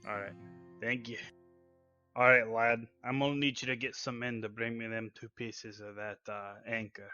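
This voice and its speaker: A man plays his character in a tabletop game with a laid-back, folksy drawl. His voice is bright and forward, but it comes through a dull, lo-fi mic in a dry room with faint music. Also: on the low side, steady tone, moderate pace, no echo. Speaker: player.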